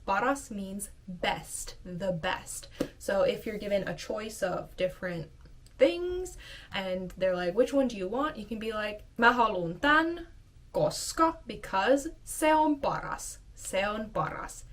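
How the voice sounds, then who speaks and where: A woman's voice: mid-range voice, far from the mic. A woman teaching a casual video lesson, repeating short phrases patiently. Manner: slow, repeats phrases over and over. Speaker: language teacher.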